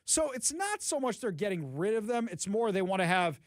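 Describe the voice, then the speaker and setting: A man's voice: high-pitched, fairly quick, few pauses, dry recording, studio quality. A middle-aged man hosting a talk show, chatting casually and acting out the quotes in his stories. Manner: animated storyteller, acts out quotes. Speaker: radio talk show host. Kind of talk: casual chat.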